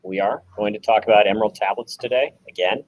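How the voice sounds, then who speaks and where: A man co-hosting a casual online chat, explaining in a relaxed, halting way with many fillers. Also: on the low side, poor audio. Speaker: co-host.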